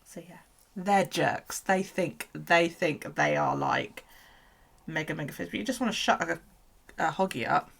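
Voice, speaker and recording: A woman streaming casually from home, with a slightly low, gravelly voice. She chats loosely, swears freely and coos at her animals. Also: animated, a little slow, fairly bright tone. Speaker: livestreamer. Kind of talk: casual livestream chat.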